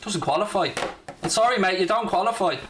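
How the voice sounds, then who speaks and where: A man from South Dublin with a Dublin Irish accent chats fairly quickly in a high-sitting voice against a noisy background, trading sarcastic, profane, brash banter while streaming a football watchalong.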